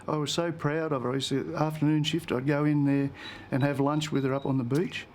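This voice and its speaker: Proud folksy guy remembering stuff, pretty monotone. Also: on the high side, a little fast, slight background noise. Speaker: interviewee. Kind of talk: fond reminiscing.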